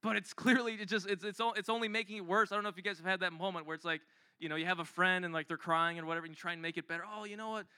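High bright-voiced male preacher. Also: very fast, clean tone, no room sound. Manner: conversational, animated, asks rhetorical questions. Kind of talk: sermon.

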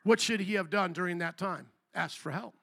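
A man preaching a sermon as pastor. He is animated, acts out little quoted voices, and calls out to the congregation. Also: high voice, moderate pace, vocal fry, slightly rough.

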